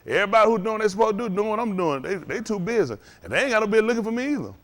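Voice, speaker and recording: A man's voice: high voice, big pitch swings, rapid-fire, a bit bright. A man preaching a loose, conversational sermon, chuckling often and asking the congregation to agree. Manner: chuckling, asks the congregation "ain't that right?".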